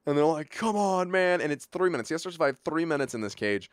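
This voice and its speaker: A young man chatting casually as a podcast co-host, animated and full of filler words, acting out bits of dialogue. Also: on the high side, very fast, no room sound, clean studio sound. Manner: animated, lots of filler words, acts out lines. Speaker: podcast co-host recapping a movie. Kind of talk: casual chat.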